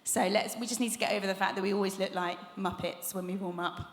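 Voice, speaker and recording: This young woman talks fast in a steady, mid-range voice while teaching a vocal workshop. She's chatty and encouraging, laughing often as she demonstrates exercises in a live masterclass. The setting is a large conference hall with echoey, long reverb.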